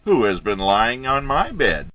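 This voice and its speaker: A man's voice: mid-range voice, sing-song, unhurried, bright, forceful tone, voice pushed up. A man doing a fussy Mama Bear. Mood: indignant. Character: middling-sized motherly female bear. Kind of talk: storybook reading.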